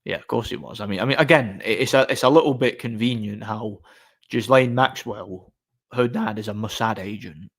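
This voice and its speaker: A man's voice: lowish voice, moderate pace, a bit bright. A man chatting casually on a live stream, answering chat in a blunt, opinionated, rambling way.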